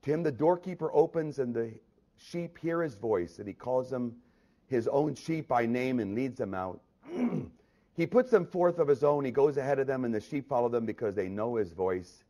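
A male pastor preaching a sermon, rising to loud reading of scripture and dropping to quiet prayer, pressing the congregation with repeated questions. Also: expressive, moderate pace. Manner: swells loud on scripture then drops low and quiet. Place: church.

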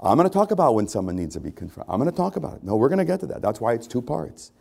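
Gravelly-voiced male pastor preaching. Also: medium pitch, very animated, racing, mellow. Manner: conversational preaching, repeating phrases for emphasis. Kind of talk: sermon.

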